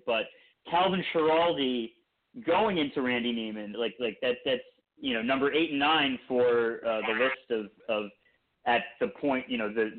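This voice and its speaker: A man co-hosting a podcast in casual chat, rambling through long points with frequent restarts. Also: mid-range voice. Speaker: podcast co-host. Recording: tinny phone-like line.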